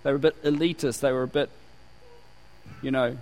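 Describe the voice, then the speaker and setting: A man's voice: medium pitch, little pitch movement, fairly quick, darkish tone, poor audio. A man from New Zealand preaching a sermon with energy, laughing and slipping into put-on voices to make his points. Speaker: pastor.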